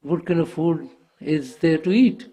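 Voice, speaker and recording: A man's voice: on the high side, a little slow, warm tone, pitched above the performer's own voice, lightly acted. A man voicing a stubborn mother pig who questions everything while telling a spiritual parable. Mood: incredulous.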